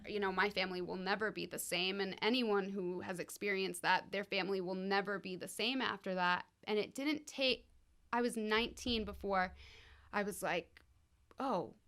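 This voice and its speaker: A woman's voice: mid-range voice, fairly even intonation, normal speed, fairly bright tone. A young woman, a wellness coach and podcast guest, chatting candidly, swearing freely and acting out quoted speech with big swings. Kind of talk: casual podcast chat.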